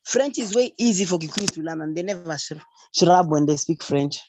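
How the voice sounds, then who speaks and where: A woman's voice: fairly low pitch, lively intonation, brisk, darkish tone, slight background noise. A Kenyan woman leading a casual online group chat, mixing Swahili and English and teasing with laughter. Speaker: group elder called Madam President.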